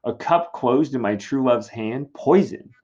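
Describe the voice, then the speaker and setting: A man's voice: mid-range voice, unhurried, a little mellow, lightly acted. A man reading the lines of a grieving young woman aloud from a play, in a dull lo-fi recording. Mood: mournful. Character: grief-stricken young woman, Juliet.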